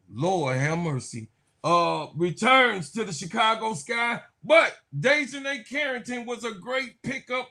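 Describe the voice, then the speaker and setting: A man's voice: high voice, bright, forceful tone. A man hosting a basketball channel, giving casual, hyped commentary full of slang and repeated phrases. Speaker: sports channel host.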